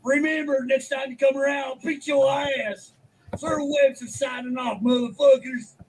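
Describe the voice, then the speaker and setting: A man voicing a crude, loud trailer-park man who shows off his run-down house in a comedy sketch. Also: extremely high pitch, fairly even intonation, unhurried, slight background noise, pitched above the performer's own voice, rough recording. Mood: crude bragging.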